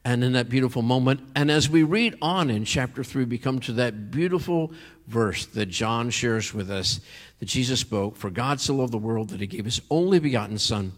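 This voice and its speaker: An earnest male pastor delivers a sermon at a middle pitch, his voice lifting to emphatic peaks on key phrases. The sound carries a long reverb, as in a large hall. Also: animated, normal speed.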